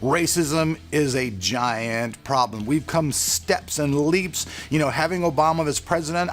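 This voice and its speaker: A middle-aged man from California, hosting a casual vlog and talking earnestly and loosely, straight to his viewers. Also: mid-range voice. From California, USA. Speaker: channel host.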